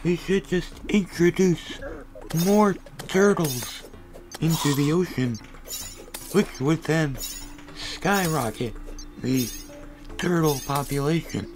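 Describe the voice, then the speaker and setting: A young man giving rambling comic gameplay commentary, goofy and full of random tangents with deadpan asides. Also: fairly high pitch, takes it slowly, long pauses, soft background music, low-quality recording. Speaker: gaming video creator.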